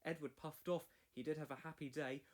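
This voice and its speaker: A man's voice: a little high, fairly even intonation. Man reading a storybook aloud. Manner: clear, measured storytelling. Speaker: storybook reader. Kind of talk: read-along story narration.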